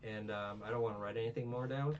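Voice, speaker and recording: A young man hosts a casual anime review podcast, rambling, cursing, and recounting scenes. His voice is lowish with fairly even intonation and a quick pace, captured on a distant, muffled mic with a faint hum.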